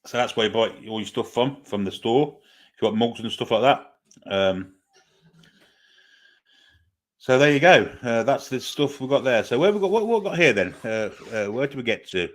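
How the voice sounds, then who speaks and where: Medium in pitch and expressive, the man speaks at a normal speed. He hosts a football fan watchalong stream, casually chatting and giving pre-match commentary, pausing with many fillers and reading comments from viewers aloud before replying.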